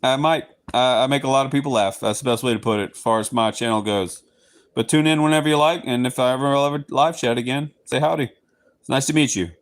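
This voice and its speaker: A man's voice: medium pitch, fast. A man from Southeast Texas with a Texan accent, chatting casually with viewers on his livestream, playful and slipping into goofy voices. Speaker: livestream host. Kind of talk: casual live chat with viewers.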